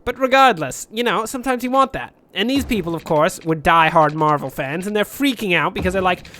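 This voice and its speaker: A man's voice: sits high, lively intonation, fairly quick, sharp tone, slight background noise. Rambling, jokey man commentating a game. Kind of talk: let's play commentary.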